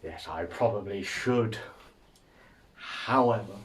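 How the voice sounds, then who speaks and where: A man's voice: fairly low pitch, slow, far from the mic. A man hosting a casual comedic monologue, rambling and amused at his own jokes, with lots of fillers. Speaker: podcast host.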